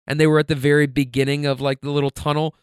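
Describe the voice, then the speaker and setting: Speaking fast in a flat, fairly high, clear and resonant voice, a male podcaster spins loose, foul-mouthed stories full of fillers. The clean studio audio has no room sound, and his manner stays laid-back.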